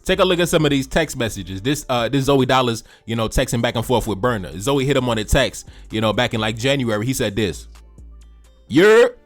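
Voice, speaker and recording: A man's voice: medium pitch, fast, hardly any pauses. Laid-back Haitian man chatting about music. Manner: laid-back, repeats phrases, frequent shout-outs. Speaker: music reaction video host. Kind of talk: casual reaction commentary.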